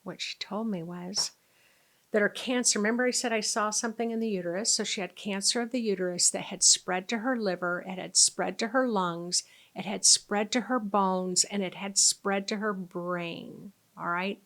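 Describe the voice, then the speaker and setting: A woman's voice: medium pitch, fairly even intonation, moderate pace, a bit bright. A woman who works as a spiritual healer and was once a nurse, telling a story to camera. She talks with animation, acts out quoted lines and sometimes drops to a near whisper.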